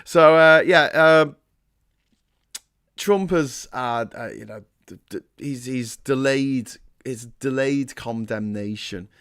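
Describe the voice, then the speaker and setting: A man's voice: mid-range voice, slow pace, fairly bright tone, clear, resonant tone. A man hosting a casual livestream, rambling and self-deprecating, full of fillers and restarts. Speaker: host.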